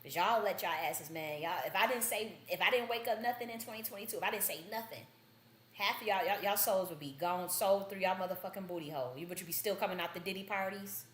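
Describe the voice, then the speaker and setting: A woman's voice: medium pitch, quick pace, fairly bright tone, echoey room. A woman hosting a livestream, talking in a blunt, profane, rambling way with many restarts. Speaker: livestream host.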